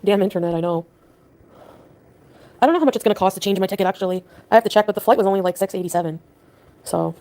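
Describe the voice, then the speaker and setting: A woman from Canada livestreaming, venting quietly and talking to her chat. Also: medium pitch, rapid-fire, pauses often. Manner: subdued, venting, talks to chat.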